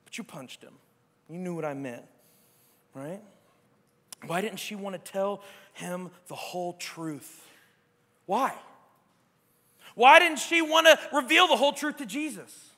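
Bright-voiced male preacher with church reverb. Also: sits high, lively intonation, unhurried, pauses often. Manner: emphatic, keeps asking "right?"; swings between quiet reflection and loud exclamation. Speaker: pastor. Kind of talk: sermon. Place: church sanctuary.

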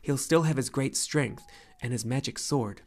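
A man voicing a troubled, resolute young male warrior in a quiet, subdued way. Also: mid-range voice, moderate pace, close to an everyday voice.

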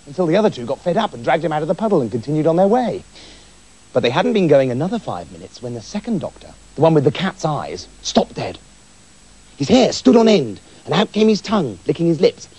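A man narrating a comic storybook tale in an animated, giggly manner. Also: fairly high pitch, brisk, breathy edge.

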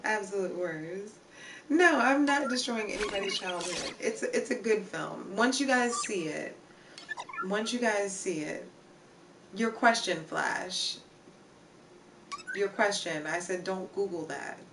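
Picked up by a distant mic with clear background noise, this streamer speaks at medium pitch and a measured pace, sounding animated. She laughs, teases her viewers, and says things more than once as she chats casually.

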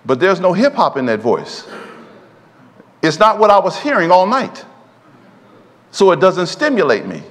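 A man's voice: sits high, huge pitch swings, measured pace, long pauses, a bit bright. A man preaching a sermon in a church, drawing call-and-response from the congregation. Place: church sanctuary. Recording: long hall reverb in a church.

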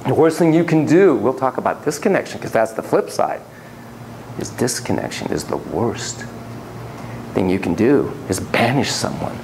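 In a class lecture, a man with a mid-range voice speaks at a moderate pace with animated, theatrical flair. He moves from quiet remarks to loud exclamations, keeps asking his students questions, and background noise is audible.

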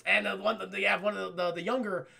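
A male streamer with a high, gravelly voice recaps a cartoon casually, rambling and excitable and swearing freely. His tone is strikingly bright and edgy. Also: quick pace. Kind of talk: casual profane scene recap.

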